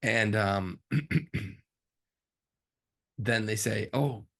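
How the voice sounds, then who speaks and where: A man, a film director, telling animated behind-the-scenes stories in a casual interview, jumping up in pitch when he acts out disbelief. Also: normal speed, vocal fry, slightly rough. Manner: animated storyteller, swings up sharply in pitch for incredulous reactions.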